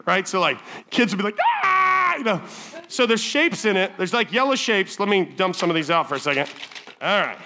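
Man, camp speaker, high-pitched, bright tone, chatty storytelling sermon, filler-heavy. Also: a little hiss or hum. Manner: animated, chatty, full of "like" fillers, acts out scenes.

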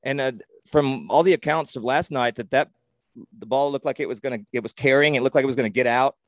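A man co-hosting a podcast in casual sports chat, rambling and excitable with lots of swearing and restarts. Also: medium pitch, fast talker, no room sound. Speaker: podcast co-host.

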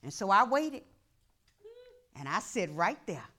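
A woman pastor preaching a sermon in a church, impassioned and repetitive, dropping to a hush and then rising to shouts. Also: medium pitch, very animated, a little slow. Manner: impassioned, repeats phrases, swings from hushed to shouting.

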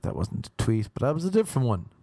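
A man's voice: medium pitch, big pitch swings, fast talker, warm tone, no room sound. Man with a dry, rambling comic delivery. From Ireland. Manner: rambling, mocking, slips into silly voices. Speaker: stand-up comedian. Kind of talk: comedic monologue.

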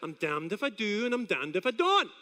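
A Scottish man in his forties, preaching a sermon as an animated, self-deprecating storyteller who acts out his own doubts. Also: high voice, fairly quick, big-room sound. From Scotland. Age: 40s.

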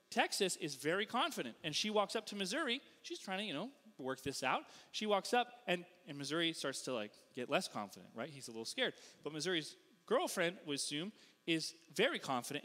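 A man from the Northeastern US delivers a sermon as a playful, self-deprecating storyteller. His voice sits high and bright and leaps all over the place. The sound carries the long reverb of a church hall. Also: big pitch swings, brisk.

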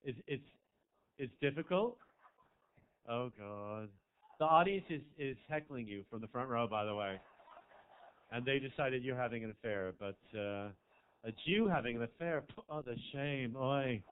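A man doing a stand-up comedy set in a small club, with brash, campy crowd work that swings from loud to quiet. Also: mid-range voice, animated, moderate pace, pauses often, clean tone. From American South. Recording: tinny phone-like audio.

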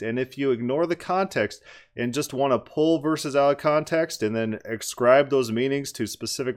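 A man giving critical commentary on a debate clip, emphatic and argumentative, repeating words for stress. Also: medium pitch.

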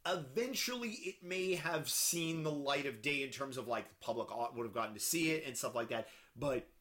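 A man co-hosting a casual podcast chat about films, talking in halting bursts full of fillers and restarts. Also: medium pitch, animated, fairly bright tone. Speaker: podcast co-host. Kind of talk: casual film discussion.

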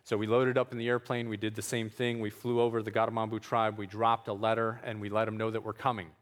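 A man with a somewhat low voice recounts his missionary journeys in a relaxed storytelling talk. His delivery is conversational, dotted with fillers and light chuckles. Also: quick pace, big-room sound.

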